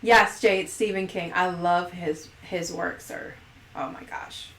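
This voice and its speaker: A woman's voice: lowish voice, steady tone, unhurried, a bit bright, a little hiss or hum. Giggly female stream host, casual and playful, echoey room. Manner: playful, giggly, reads poll questions aloud. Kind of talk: casual livestream chat.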